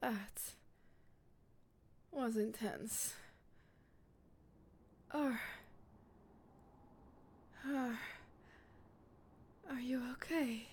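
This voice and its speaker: Woman, whispered role-play, soft breathy murmur, a touch high, very unhurried, winded. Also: slight background noise. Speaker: audio role-play performer.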